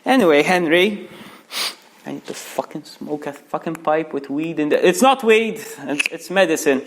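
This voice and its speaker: A man's voice: a little high, moderate pace, slight background noise. A young man reading a crude comic story aloud, breaking off for mocking asides to the listener. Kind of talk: mock bedtime story reading.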